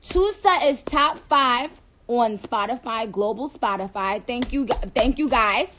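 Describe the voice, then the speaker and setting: A woman's voice: fairly high pitch, expressive, measured pace, background noise. A woman hosting a casual phone livestream, reading out viewer comments in a playful, chatty way and dropping in Spanish phrases.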